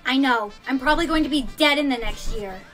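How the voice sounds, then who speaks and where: A woman's voice: sits high, fairly quick, a bit bright, soft background music. A woman voicing an earnest dramatic schoolgirl. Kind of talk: animated story acting.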